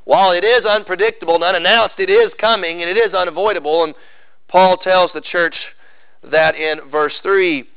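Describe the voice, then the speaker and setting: A man preaching a sermon as pastor, moving from loud emphasis to hushed, drawn-out intensity. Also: high voice, steady tone, clear, resonant tone, no echo. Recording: slightly dull, dry sound.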